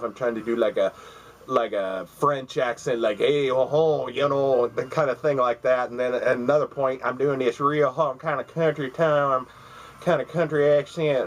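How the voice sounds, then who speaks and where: A man with a mid-range, fairly bright voice and even intonation speaks at a moderate pace over poor audio. Sitting at home by his computer, this vlogger casually rambles through stories about gifts he's showing, full of fillers and restarts.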